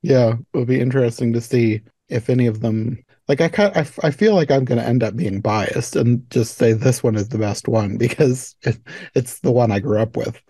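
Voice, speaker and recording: A man's voice: mid-range voice, moderate pace, dark tone, breathy edge, no echo. A man hosting a podcast, chatting casually about a movie with many fillers and frequent laughs. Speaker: podcast host. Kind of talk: casual chat.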